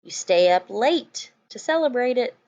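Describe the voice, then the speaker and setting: A woman's voice: fairly high pitch, measured pace, dull audio. A woman elementary school teacher, giving a playful, joking recorded lesson. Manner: playful, animated teacher talk with jokes.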